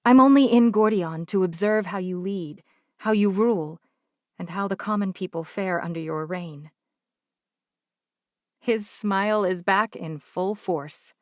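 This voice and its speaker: A woman narrating a first-person audiobook with a measured, even delivery. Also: medium pitch, no room sound, studio quality.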